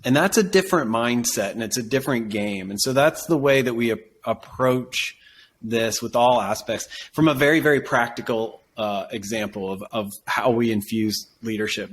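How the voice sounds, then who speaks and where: A man speaking as a guest on an interview, explaining ideas in a measured teaching manner. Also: mid-range voice, slight background noise. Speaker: guest, business coach. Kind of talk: casual interview conversation.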